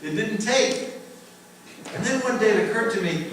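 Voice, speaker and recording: Emphatic American preacher in echoey church. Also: male voice, sits high, normal speed, long pauses, a little hiss or hum. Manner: lively, emphatic, laughs often, repeats for emphasis. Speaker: pastor teaching a Q&A. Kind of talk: conversational Bible teaching. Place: church sanctuary. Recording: very echoey room, mic far off.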